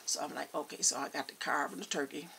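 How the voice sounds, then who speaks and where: A woman's voice: low voice, quick pace, gravelly, slight background noise. A woman, animatedly telling a funny story to her viewers. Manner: animated, addresses viewers as y'all. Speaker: vlogger. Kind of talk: casual storytelling.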